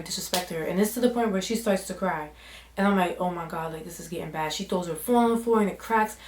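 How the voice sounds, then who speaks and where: A woman's voice: lowish voice, echoey room, a little hiss or hum. A young woman vlogger telling a story in casual slang, acting out what people said. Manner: animated, slangy, acts out quotes in voices. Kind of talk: storytime vlog.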